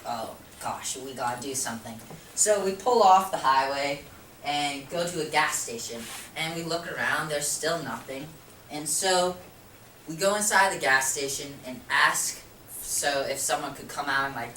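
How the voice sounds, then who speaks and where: A woman casually telling a personal story in an animated way, acting out sounds and quoted lines. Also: deep voice, slight background noise. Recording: echoey room, far from mic.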